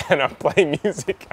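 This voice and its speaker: A man's voice: fairly high pitch, slightly rough. A man co-hosting a casual comedic news chat, playful and teasing. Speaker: co-host.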